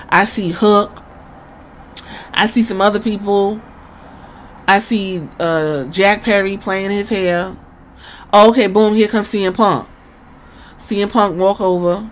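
A woman's voice: fairly low pitch, fairly quick, a little hiss or hum. A woman hosting a podcast who retells a story casually and animatedly, swearing often and acting out each character. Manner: animated, profane, acts out every character. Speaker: podcast host.

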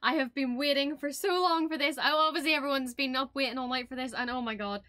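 A young woman YouTuber filming a reaction video, gushing with breathless excitement, piling up exclamations and the odd swear word. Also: high voice, fast talker, no room sound, studio quality. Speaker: YouTuber and streamer reacting to a trailer.

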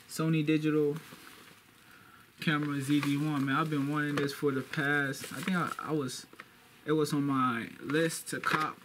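Hyped young man vlogging, noisy room. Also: on the high side. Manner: boastful, repeats phrases for hype. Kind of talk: casual hype vlog. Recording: noisy background.

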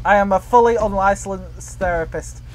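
A woman hosting a casual multiplayer gaming session on a voice-chat mic, animated, laughing often, yelling and swearing at the game. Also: medium pitch, moderate pace, noisy background. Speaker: gaming channel host.

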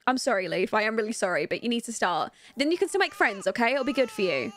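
A woman's voice: on the high side, sing-song, fast talker. A young woman giving chatty, giggly commentary on her life-sim game and talking to her viewers. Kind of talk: casual gameplay commentary.

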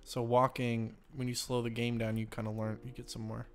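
A man's voice: mid-range voice, little pitch movement, a little fast, over music. Laid-back young man streaming a game. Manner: laid-back, says "dude". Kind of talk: casual let's play commentary.

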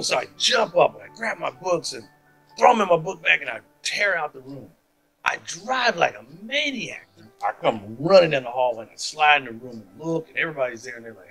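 A man's voice: a little high, very animated, fairly quick, vocal fry, fairly bright tone, faint music behind, poor audio. A man giving a personal faith testimony as a story, acting out the people he quotes. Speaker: testimony speaker.

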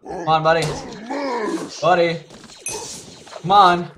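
Excitable man narrating a video game. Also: a little high, slight background noise. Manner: excitable, repeats words in quick bursts; yelps and laughs when hit. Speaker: gaming YouTuber. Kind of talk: live gameplay commentary.

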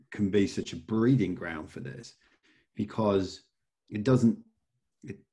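A man's voice: lowish voice, a little mellow. A man interviewing a guest, thinking aloud in a hesitant, rambling way with many fillers. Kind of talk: casual interview conversation.

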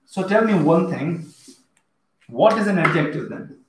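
A man's voice: high voice, expressive, unhurried, noisy background. A man with an Indian English accent teaching a live online English class, chatting and reading out viewers' comments as he goes. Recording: echoey room.

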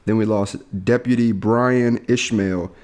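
Laid-back man telling stories, low voice. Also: steady tone, unhurried, a little mellow. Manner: laid-back, laughing storyteller. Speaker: podcast co-host. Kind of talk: casual chat.

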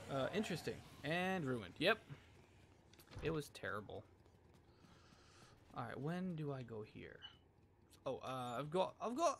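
A man's voice: mid-range voice, sing-song, measured pace, gravelly, long pauses, a bit bright, a little hiss or hum. A young man streaming a video game, chatting casually in a crude, profane, rambling way between jokes and mutters. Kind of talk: casual gameplay commentary.

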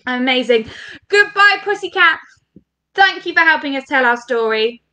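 A woman's voice: sits high, lively intonation, brisk, sharp tone. A woman leading an interactive story workshop for children, talking in a playful, encouraging, sing-song way.

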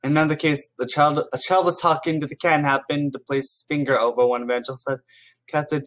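A man's voice: fairly high pitch, fairly even intonation, quick pace, fairly bright tone. A man giving casual reaction commentary as a YouTuber, chatting to viewers and reading stories aloud with small restarts.

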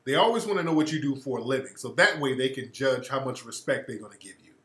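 Profane, animated male radio host. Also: mid-range voice, quick pace, hardly any pauses. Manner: profane, laughing, animated storytelling. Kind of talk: casual monologue. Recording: roomy echo.

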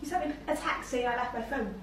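A woman's voice: on the high side, fast talker, fairly bright tone. A woman in a casual home video, flustered and confused, saying she is in a rush.

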